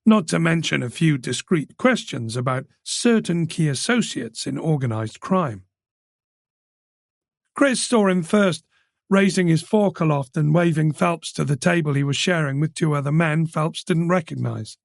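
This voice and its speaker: A man narrating a crime thriller in a measured, even way. His voice sits a bit high for a man and has a gravelly texture. The recording is close and dry. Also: dry recording. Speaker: audiobook narrator. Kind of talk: scripted narration.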